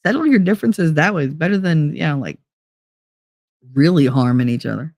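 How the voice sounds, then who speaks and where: A woman's voice: deep voice, lively intonation, fairly quick, a little mellow, no room sound, clean studio sound. A middle-aged woman hosting a casual live stream, talking candidly and profanely, laughing often and acting out voices of people she quotes. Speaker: livestream host.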